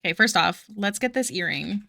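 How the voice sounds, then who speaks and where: A woman's voice: on the low side, lively intonation, fairly quick, creaky, sharp tone, no echo, studio quality. A young woman chatting casually on a live art stream, bubbly and self-deprecating, gushing over fan art. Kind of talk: casual live-stream chat while drawing.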